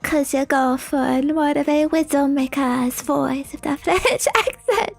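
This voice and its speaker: A woman's voice: high voice, level tone, measured pace, vocal fry, a little mellow, soft background music. A young woman streamer chatting casually while building a model kit, rambling and laughing with lots of fillers.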